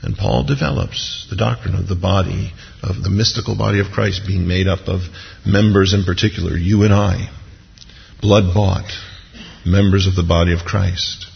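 Gravelly man preaching a sermon. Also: sits low, fairly even intonation, normal speed. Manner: conversational preaching with frequent asides. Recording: echoey hall, dull lo-fi sound.

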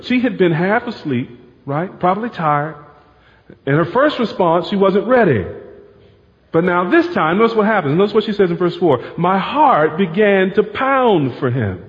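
A man's voice: on the high side, lively intonation, normal speed. A man preaching a sermon, talking casually and throwing asides to the congregation. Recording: muffled sound with long hall reverb.

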